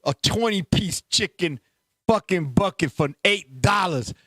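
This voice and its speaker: Brief: high-pitched NY man, 50s, loud profane show host, dry close sound. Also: a little slow, breathy edge, dry recording. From Puerto Rico heritage, New York. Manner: loud, animated, profane storyteller. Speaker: podcast host. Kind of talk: casual banter.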